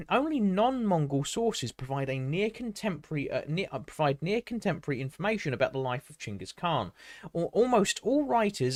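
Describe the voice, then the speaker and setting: A man's voice: on the high side, no room sound. A man streaming live, reading a history article aloud and breaking off to chat with viewers. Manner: reads aloud with many restarts and asides; chatty, answers live chat.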